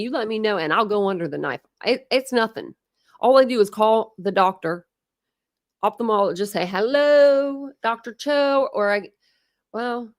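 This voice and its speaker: A woman in her thirties chatting casually with viewers on a livestream from home, frank and quick to laugh, thanking commenters by name. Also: medium pitch, no echo, clean studio sound. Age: 30s. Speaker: livestream host. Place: home, indoors.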